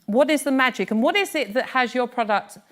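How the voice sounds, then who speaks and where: A middle-aged British woman giving a live workshop talk on pitching, chatty and lively, teasing her audience. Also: fairly quick. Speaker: business speaking coach. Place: workshop room before an audience.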